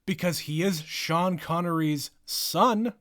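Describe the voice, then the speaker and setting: A man's voice: a little high, takes it slowly, fairly bright tone. A man co-hosting a podcast, chatting casually about a movie with dry, swearing remarks and short reactions. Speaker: podcast co-host. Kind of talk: casual movie recap chat.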